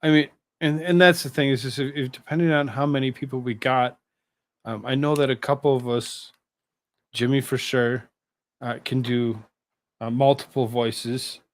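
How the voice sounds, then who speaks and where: A man hosting a live stream, chatting casually with his viewers, rambling and halting, with many fillers and restarts. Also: medium pitch, fairly even intonation. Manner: talks to chat viewers between asides.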